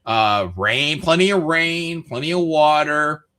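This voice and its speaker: A man's voice: fairly high pitch, takes it slowly, smooth. A man from Michigan hosting a stream, ranting casually with lots of swearing. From Michigan, USA. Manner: rambling, swears often, animated rants. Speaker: streamer host. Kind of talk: casual chat.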